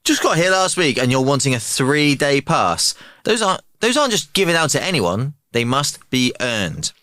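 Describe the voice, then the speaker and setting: A man's voice: medium pitch, very animated, moderate pace, pushed and bright, no echo, voice pushed up. A man voicing a stern male West German army major with a put-on German accent.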